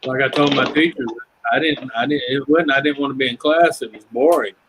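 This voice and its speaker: A man's voice: medium pitch, fairly even intonation, fairly quick, fairly bright tone, slightly rough, low-quality recording. A man in casual chat, talking bluntly, teasing and swearing freely.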